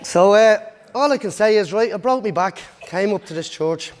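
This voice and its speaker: A man's voice: high-pitched, lively intonation, moderate pace. A man giving a personal testimony in church, rambling and often asking "you know what I mean?". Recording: reverberant church hall.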